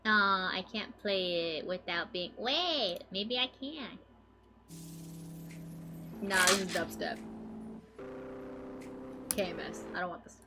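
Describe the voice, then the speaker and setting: A woman's voice: medium pitch, expressive, slow pace, long pauses, background noise. A young adult woman streamer chatting casually, rambling, joking and swearing as she goes.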